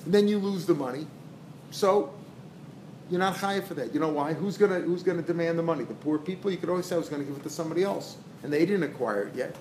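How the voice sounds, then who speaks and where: A man's voice: a little high, fast, a little mellow, a little hiss or hum. A man teaching a Talmud lesson, repeating himself and acting out the dialogue while mixing in Hebrew and Aramaic terms. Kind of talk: lecture explaining a text.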